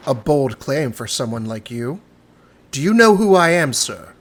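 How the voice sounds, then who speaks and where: A man's voice: mid-range voice, lively intonation, slow, a little mellow, breathy edge, exaggerated voice. Guy playing a snooty rich adventurer, pompous and sneering. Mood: indignant. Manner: pompous, disdainful. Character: haughty upper-class male adventurer, arrogant.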